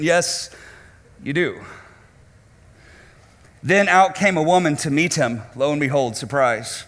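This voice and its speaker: Bright-voiced male pastor, dramatic delivery. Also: slow pace, long pauses, in a large hall. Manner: dramatic, swings between loud emphasis and hushed lows; addresses the congregation directly with questions. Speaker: lead pastor. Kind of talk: sermon. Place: church auditorium.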